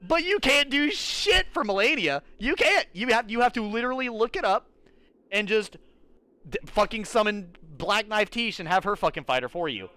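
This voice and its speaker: A man's voice: high-pitched, animated, normal speed, bright, forceful tone, no room sound. A young man streaming a game, ranting with exasperated, profane commentary.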